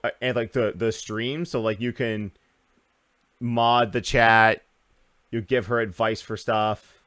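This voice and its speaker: A man's voice: mid-range voice, a bit bright, clear, resonant tone, no echo, studio quality. A man hosting a casual gaming podcast, rambling through news with lots of uhs and restarts. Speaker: podcast host.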